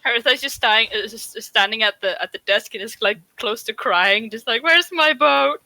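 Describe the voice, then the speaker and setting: Tabletop player, woman, high and bright voice, giggly and excitable. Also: normal speed, no room sound. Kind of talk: casual tabletop play chat.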